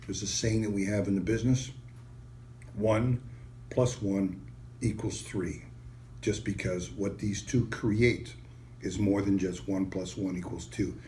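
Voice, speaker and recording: A man with a fairly low voice leads a wine tasting in a relaxed, upbeat sales manner, praising each pairing as he goes. A faint hiss of noise sits under his voice. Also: unhurried. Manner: enthusiastic, casual sales pitch with frequent praise. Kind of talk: product tasting demonstration.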